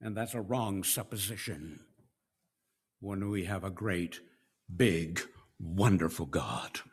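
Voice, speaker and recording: A middle-aged man preaching a sermon, slow and deliberate, swinging between hushed and raised passages. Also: low voice, slightly rough. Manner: slow, with dramatic swings between soft and loud.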